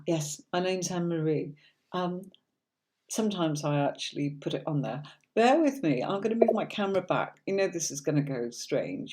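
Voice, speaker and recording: A woman's voice: deep voice, a little mellow. A woman with a British accent chatting on a live stream, talking to viewers with lots of ums and restarts. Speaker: tarot teacher streaming live.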